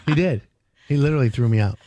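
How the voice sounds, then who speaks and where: A man in his fifties hosting a home improvement radio show, telling stories with loud animated bursts. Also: medium pitch, brisk, no room sound. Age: 50s. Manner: animated storyteller, loud bursts, reads phone number. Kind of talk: casual radio chat.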